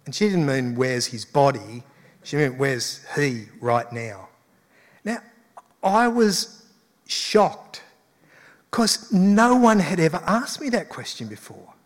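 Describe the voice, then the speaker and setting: A man's voice: fairly high pitch, lively intonation, slow, long pauses. A male pastor giving a conversational sermon with emphatic rises. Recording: long hall reverb.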